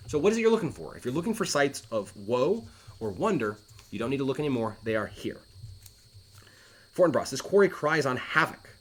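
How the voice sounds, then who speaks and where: A man's voice: medium pitch, lively intonation, a little fast, husky. Casual man explaining Shakespeare lines. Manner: conversational, paraphrases quoted lines, frequent fillers and restarts. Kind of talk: casual explanatory lesson reading aloud.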